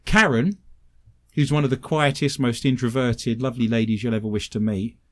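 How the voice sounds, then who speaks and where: On a talk show, a guest who works as a paranormal investigator and medium shares lively anecdotes that poke fun at himself. He has a British English accent, a medium-pitched voice and a normal speaking speed.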